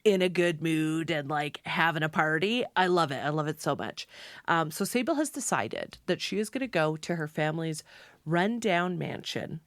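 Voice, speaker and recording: A woman co-hosting a podcast in casual book chat, telling the plot with lively storytelling, frequent laughs and free swearing. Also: deep voice, moderate pace, no echo, clean studio sound. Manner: animated storytelling, swears freely, laughs often. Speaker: podcast co-host.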